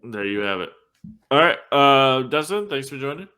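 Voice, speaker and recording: A man's voice: medium pitch, animated, moderate pace, sharp tone, clear, resonant tone. A man hosting a casual film-review podcast, rambling through a retelling with many "like"s and restarts. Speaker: podcast host.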